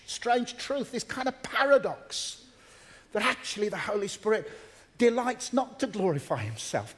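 A man delivering a sermon to a congregation in an earnest, emphatic way, repeating key phrases for weight. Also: high voice. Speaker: preacher.

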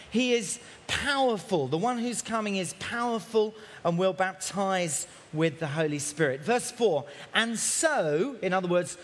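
Male preacher, high pitch, outdoor camp sermon delivered at a shout, long reverb. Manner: shouting loudly to carry in the rain.

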